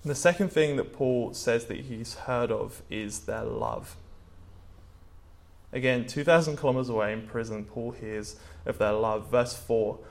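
A man's voice: mid-range voice, unhurried, vocal fry. A young man from England giving a casual sermon, chatty and full of fillers as he tells stories. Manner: chatty, many "like" and "um" fillers, storytelling. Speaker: preacher.

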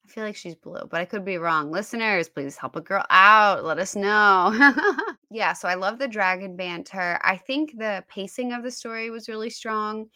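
A woman co-hosting a podcast in casual book chat, chatty and quick to laugh. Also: medium pitch, pushed and bright, dry recording, clean studio sound. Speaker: podcast co-host.

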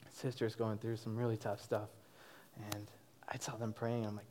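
With a crowd audible behind him, a man in his twenties shares his personal testimony with a church congregation. He is animated and laughs often, speaking at a normal speed in a lowish voice.

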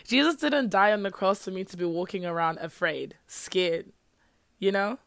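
A woman's voice: medium pitch, moderate pace, creaky, no room sound. Earnest young woman, dry close sound. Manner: animated, earnest, rhetorical questions. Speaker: podcast host. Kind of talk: casual Christian teaching talk.

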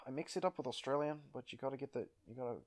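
A young man co-hosting a casual podcast, with a voice of ordinary middle pitch. He rambles from one thought to the next and laughs often. His chat is loose and animated. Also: racing. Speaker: podcast co-host.

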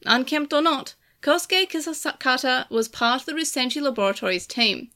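A woman narrating a game's story chapter aloud in a steady, measured reading. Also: high-pitched.

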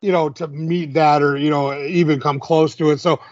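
A man's voice: fairly high pitch, fairly even intonation, moderate pace, no echo, dull audio. A man co-hosting a podcast, recapping fight results in casual chat and laughing often. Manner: chatty, laughs often, filler-heavy. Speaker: podcast co-host.

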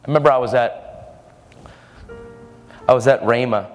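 A man's voice: mid-range voice, moderate pace. Man preaching in an echoing hall. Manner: storytelling, earnest, acts out quoted voices. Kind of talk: sermon. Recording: long hall reverb with faint music.

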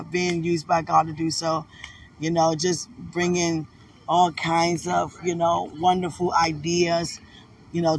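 A woman's voice: fairly low pitch, vocal fry, far from the mic, slight background noise. A woman recording a casual, heartfelt video message of thanks, emotional and devout, rambling with many fillers. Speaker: fiancée giving thanks.

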